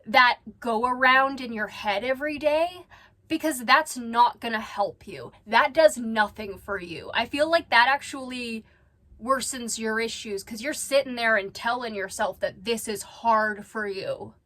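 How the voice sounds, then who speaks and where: A woman with a fairly high voice doing reaction commentary for her vlog. She is blunt and swears freely, and she speaks straight to the person she is watching as if they could hear her. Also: measured pace, bright, forceful tone. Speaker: reaction vlogger.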